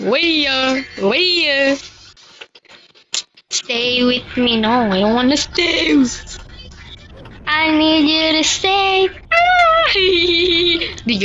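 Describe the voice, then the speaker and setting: Excitable young woman gaming. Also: on the high side. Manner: excitable, frequent exclamations and laughs, complains about lag. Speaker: gamer streaming her match. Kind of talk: live gameplay commentary. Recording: dull lo-fi recording with noise and clicks.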